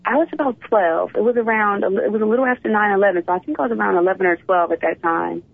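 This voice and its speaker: A woman's voice: medium pitch, fast, vocal fry, husky. Woman telling her story over a phone line. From Philadelphia, USA. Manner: animated storytelling, often starts with "you know what". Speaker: guest. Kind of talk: casual interview.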